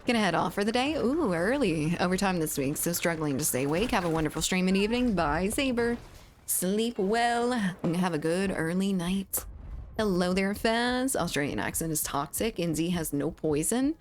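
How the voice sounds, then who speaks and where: Woman, Southern US accent, game streamer, casual chat, expressive pitch. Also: normal speed, slight background noise. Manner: chatty and playful, with frequent laughs. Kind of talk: casual chat while gaming, reading chat aloud.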